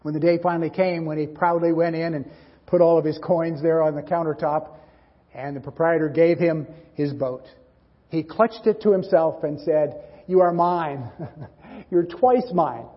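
A pastor preaches a sermon, earnestly telling a story. His voice is husky and sits fairly high. It carries a long church-hall echo and sounds dull. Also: steady tone, moderate pace. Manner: earnest storyteller who acts out dialogue. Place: church sanctuary.

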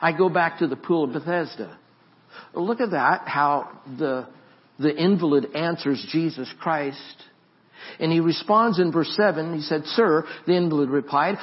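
Male pastor giving a sermon, voice on the higher side, gets loud and fired up then goes quiet and tender, kinda muffled recording. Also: normal speed. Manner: rises to loud emphatic preaching, then drops to soft reflective storytelling.

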